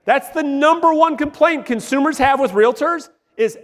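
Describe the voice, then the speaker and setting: A man coaching real estate agents at a live workshop, energetic and blunt, swearing and quizzing the audience, his voice wearing out. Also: very high voice, moderate pace, hardly any pauses. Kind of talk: live workshop teaching to a room. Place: large room with live audience. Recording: long hall reverb.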